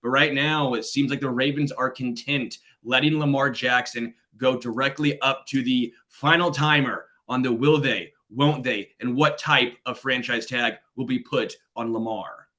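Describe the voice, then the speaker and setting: A man hosts a football podcast and ribs his co-host playfully. His voice is bright and sharp, at a middle pitch. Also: steady tone, unhurried, hardly any pauses. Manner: playful, teasing. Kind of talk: casual podcast chat.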